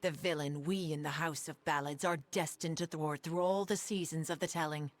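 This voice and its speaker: An actress voicing a solemn, immortal fae woman from a video game, speaking in a formal, measured way. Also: deep voice, steady tone, close to an everyday voice. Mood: grave. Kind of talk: game voice acting.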